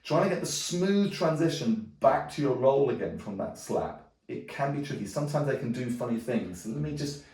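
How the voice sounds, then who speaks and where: A man's voice: medium pitch, moderate pace, few pauses. Drum teacher, man, easygoing with many restarts; heard from a distance. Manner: relaxed, thinking aloud with many restarts. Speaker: djembe teacher. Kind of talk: casual music lesson. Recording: roomy sound from a distance, drumming around speech. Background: djembe drumming.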